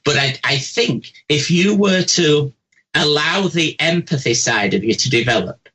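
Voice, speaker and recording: Blunt chatty man, bright voice. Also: fairly high pitch, unhurried, rough recording. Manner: blunt, chatty, animated, says "bugger off", "bloody", "love", "posh". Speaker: psychic giving caller readings. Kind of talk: live call-in radio chat.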